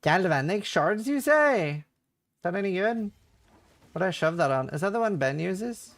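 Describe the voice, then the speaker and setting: A man's voice: high voice, expressive, moderate pace, gravelly, no room sound. A man chatting casually as a streamer while playing a game, slangy and playful. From Norway. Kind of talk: casual gaming commentary.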